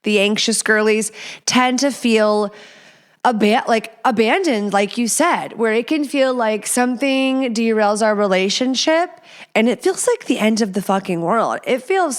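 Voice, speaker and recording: Woman host, chatty and profane, smooth clear tone, casual advice delivery. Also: mid-range voice. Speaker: podcast host.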